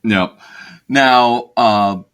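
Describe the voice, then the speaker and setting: A man co-hosting a casual podcast chat, upbeat and quick to laugh, often restarting his sentences. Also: mid-range voice, a bit bright, clear, resonant tone. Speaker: podcast co-host.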